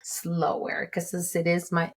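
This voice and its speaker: Podcast host lady, 40s, accented english, lowish voice, chatty and open, laughs a lot. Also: monotone, measured pace. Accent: non-native English accent. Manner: candid and chatty, laughs often between thoughts. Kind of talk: casual solo podcast monologue.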